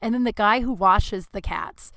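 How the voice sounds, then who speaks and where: A woman's voice: medium pitch, normal speed, a bit bright, dry recording. A young woman hosting a podcast, telling a casual, rambling story with lots of restarts, self-mocking and swearing freely. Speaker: podcast host. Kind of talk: casual monologue.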